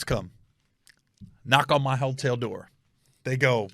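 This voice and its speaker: A man hosting a comedy podcast, telling a funny story with animated energy and loud reenactments. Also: moderate pace, long pauses, dry recording, studio quality. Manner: animated storyteller, bursts into high shouted yelling when reenacting.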